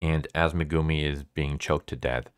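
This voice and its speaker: Very deep-voiced man, casual recap. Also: fairly even intonation, normal speed, clean tone, dry recording, studio quality. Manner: laid-back, chatty, full of "like" and "basically". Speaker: manga reviewer.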